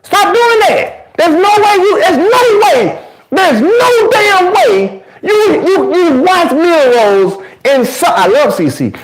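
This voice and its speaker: A male livestream host shouting a sports rant and repeating lines for emphasis, with the mic right under his chin. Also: very high-pitched, echoey room, noisy background.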